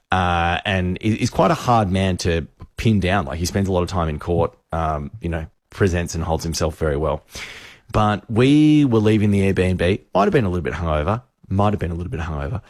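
A man hosting a radio show, telling an animated anecdote. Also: low voice, a little fast, no echo, clean studio sound. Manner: animated storyteller.

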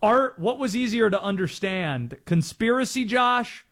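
A man's voice: sits high, animated, a little slow, a bit bright. A man from North Carolina hosting a sports talk radio show, chatting and explaining. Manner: conversational, explanatory.

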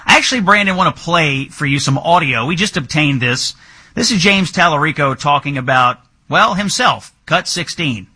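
A male talk show host with a very bright, husky voice and animated pitch. He speaks sardonically and with emphasis, often sounding incredulous. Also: moderate pace.

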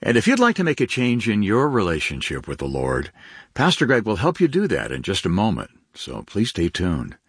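Husky, lively radio announcer man. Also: lowish voice, normal speed, dry recording, studio quality.

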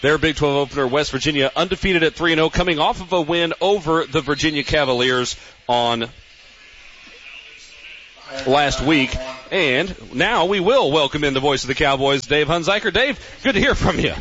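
A man hosting a radio football pregame show from a sports grill, with a brisk, upbeat announcer delivery. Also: a little high, expressive, fairly bright tone. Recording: dull radio broadcast with faint noise.

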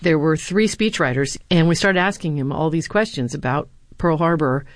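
Female former speechwriter and lecturer, low-pitched, earnest storyteller, dry studio sound. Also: moderate pace, dry recording. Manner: earnest, anecdotal, with some fillers. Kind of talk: interview answers, storytelling.

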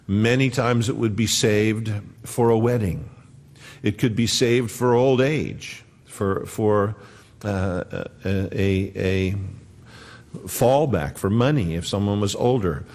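A man's voice: lowish voice, slow, darkish tone. A man preaching a sermon in an earnest, conversational way, acting out the quotes he tells. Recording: long hall reverb.

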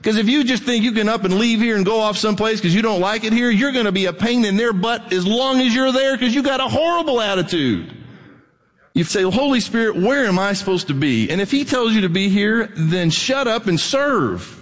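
A middle-aged man preaching a sermon with a high, bright voice that carries. He talks in an animated way and climbs nearly to a shout when he presses a point. A long reverb trails each phrase, as in a big hall. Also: fairly quick. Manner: animated, rising to near-shouting at peaks. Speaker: pastor.

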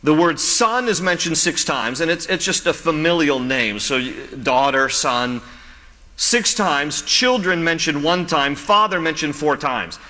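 A man preaching a sermon, telling stories in an animated way and laughing at himself now and then. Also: fairly high pitch, a little slow. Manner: animated storytelling with self-amused laughs. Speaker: pastor. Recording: long hall reverb.

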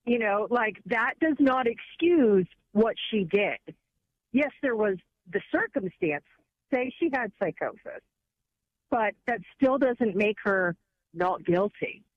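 A woman calling in to a radio talk show, speaking haltingly with many restarts. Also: on the high side, animated. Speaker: caller. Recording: phone line.

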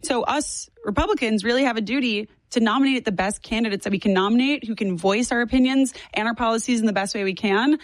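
A woman in her twenties, a guest on a talk show, talking fast and animatedly with strong opinions. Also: a little high, no echo. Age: 20s. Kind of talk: casual political chat.

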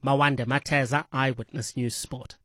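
A man reading a scripted sports news bulletin in a steady, measured way. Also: medium pitch, slight background noise. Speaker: sports newsreader.

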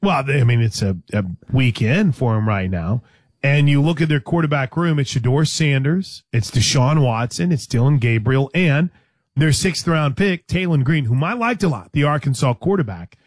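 A man's voice: medium pitch, lively intonation, normal speed, no echo. Conversational male sports radio host, dry studio. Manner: conversational, hesitant restarts, teasing. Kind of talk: casual sports talk.

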